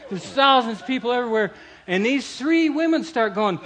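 Bright-voiced man telling a lively story. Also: very high-pitched, fairly quick. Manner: acts out quoted voices, laughs through the story. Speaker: churchgoer telling a testimony. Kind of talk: animated personal storytelling.

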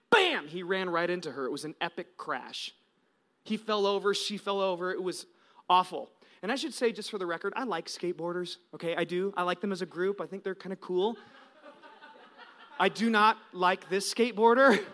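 Preaching a sermon, a thirties-aged American pastor tells animated stories that shift from loud to hushed. He has a high voice.

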